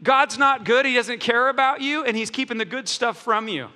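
A man's voice: very high voice, normal speed, pushed and bright, in a large hall. A man playing a sly tempter who acts as a news reporter, taunting his listener.

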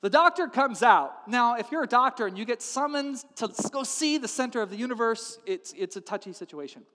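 A man's voice: very high-pitched, a little fast, in a large hall. A man preaching a sermon, telling a story with humor and acting out its characters. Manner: animated, acts out characters with funny voices. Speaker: pastor.

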